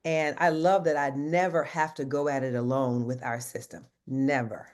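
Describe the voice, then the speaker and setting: Guy on a team video call telling his story, earnest, lots of ums and restarts, middle pitch. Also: steady tone, moderate pace. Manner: earnest, conversational, with many fillers and restarts. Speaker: insurance agent sharing his story.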